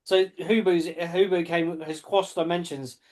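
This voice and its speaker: A man's voice: a little high, flat delivery, a little slow. A man running a tabletop game as dungeon master, chatting at the table and often restarting his sentences.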